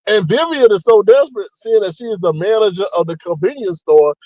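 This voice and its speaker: Guy w aave spilling drama, voice jumps up high and all over, mocking, dry close mic. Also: brisk, no room sound, muffled recording. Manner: animated, mocking, acts out quotes with big pitch jumps. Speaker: commentary channel host. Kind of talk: casual gossip commentary.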